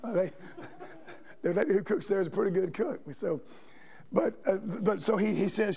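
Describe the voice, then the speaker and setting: A man preaching a sermon, his voice sitting noticeably high. He tells stories and keeps turning to the congregation with questions. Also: normal speed, gravelly, pauses often, warm tone, breathy edge. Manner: storytelling, asks the congregation questions. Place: church sanctuary.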